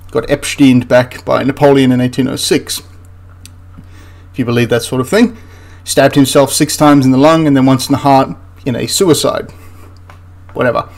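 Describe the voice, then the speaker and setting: A man hosting a history channel, ranting through a film critique in an exasperated, rambling way with frequent restarts. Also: mid-range voice.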